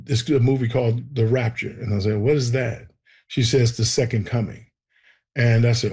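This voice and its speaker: A man telling a personal story in an animated way, acting out the voices of the people in it. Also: medium pitch, normal speed, husky. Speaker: guest telling his testimony.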